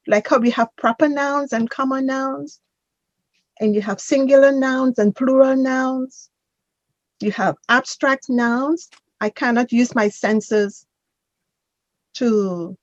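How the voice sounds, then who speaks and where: A woman with a slightly high voice teaches grammar at an unhurried pace, patiently correcting and repeating words for her student. The audio is dull and lo-fi, as from an online class. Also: no room sound. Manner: patient, corrects and drills pronunciation.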